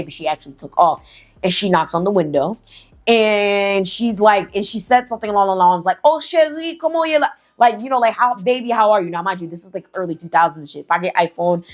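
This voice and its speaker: A woman telling a story in a casual, slangy, chatty way, swearing freely. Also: on the low side. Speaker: storyteller host.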